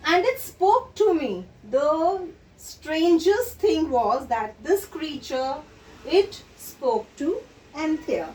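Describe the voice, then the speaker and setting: A high-pitched woman teaching children, talking slowly and patiently as she explains a story and the meanings of its words. She is heard from some distance in an echoey room with faint noise behind her. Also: expressive, darkish tone.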